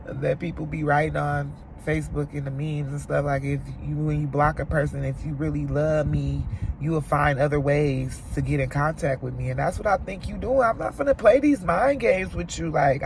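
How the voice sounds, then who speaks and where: Tearful woman venting, gravelly voice. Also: sits low, steady tone, normal speed, darkish tone, slight background noise. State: crying. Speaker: vlogger. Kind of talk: emotional car chat to camera. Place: inside a parked car.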